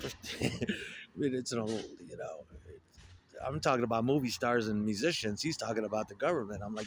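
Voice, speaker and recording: A man's voice: lowish voice, moderate pace, slight background noise. Profane rambling man telling stories. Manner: profane, digressive, wry storytelling. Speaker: storyteller. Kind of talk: rambling casual monologue.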